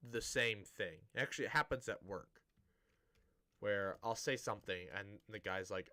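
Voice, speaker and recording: A man's voice: on the low side, steady tone, moderate pace, sharp tone. A man streaming a building game, chatting casually to viewers in a rambling, self-interrupting way with a dry, sarcastic-sounding tone.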